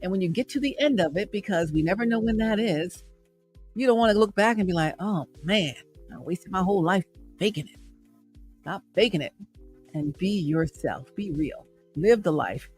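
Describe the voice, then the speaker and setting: A woman hosting a motivational livestream from her home, speaking in an upbeat, repetitive, preachy way. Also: medium pitch. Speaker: host and radio traffic reporter. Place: home room in the evening.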